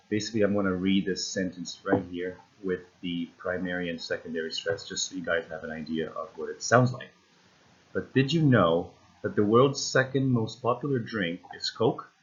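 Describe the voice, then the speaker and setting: Low-voiced man explaining a lesson. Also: fairly bright tone, dull audio. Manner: explanatory, repeats "again" and "basically", frequent ums. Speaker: instructor. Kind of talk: recorded lesson walkthrough.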